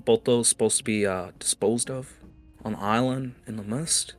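A man's voice: fairly even intonation, moderate pace, faint music behind, natural voice. A man voicing a scrawny, nervous young rogue who stammers as he talks. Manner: nervous, stammering, higher-pitched. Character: scrawny roguish young male gang member, nervous.

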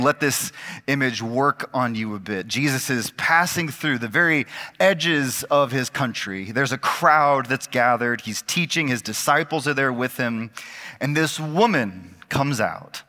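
A man's voice: medium pitch, sharp tone. Man preaching in a reverberant church. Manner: slows down and stresses words, rising for emphasis. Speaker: pastor. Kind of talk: sermon. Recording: church hall with long reverb.

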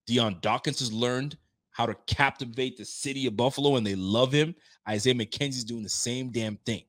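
A man hosting a casual sports podcast, animated and laughing, getting loud for emphasis. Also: medium pitch, normal speed. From Haitian roots. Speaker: podcast host.

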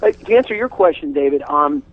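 A comedian guest on a radio talk show, a man telling an animated, chatty story and restarting his sentences often. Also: a little high, brisk, dull audio. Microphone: studio microphone.

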